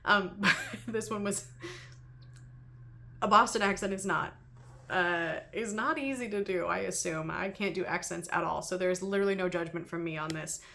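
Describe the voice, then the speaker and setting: A woman's voice: lowish voice, moderate pace, vocal fry, pushed and bright. Chatty, giggly woman. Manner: chatty and giggly, laughs often between thoughts; rambling with frequent ums and restarts. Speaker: book reviewer and channel host. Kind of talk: casual chat.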